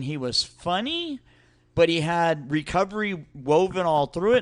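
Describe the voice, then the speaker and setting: A man's voice: fairly high pitch, a bit bright. A man telling a story in casual chat, loose and profane.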